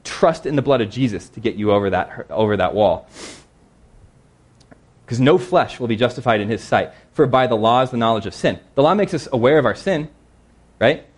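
A man preaching a sermon in a conversational, earnest way, slowing down to read scripture verses. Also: medium pitch, lively intonation, slightly rough.

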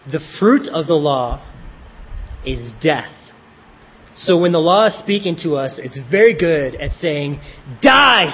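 A man's voice: sits high, slightly rough, highs cut off. A man preaching a sermon in a conversational style, with self-deprecating joking asides.

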